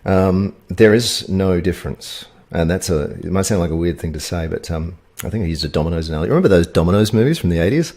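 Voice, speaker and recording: Aussie guy with a really low voice, chatting away on a podcast, lots of ums and restarts. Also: lively intonation, fast, few pauses, darkish tone. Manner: rambling, storytelling with fillers and restarts. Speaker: guest, video agency owner. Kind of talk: casual podcast interview.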